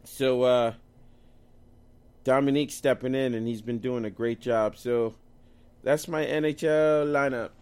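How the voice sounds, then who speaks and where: A man's voice: medium pitch, steady tone, a little slow, long pauses, a little mellow, clean tone. A man co-hosting a casual sports chat, loose and jokey, tripping over hard names as he lists his picks. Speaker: co-host picking fantasy lineups.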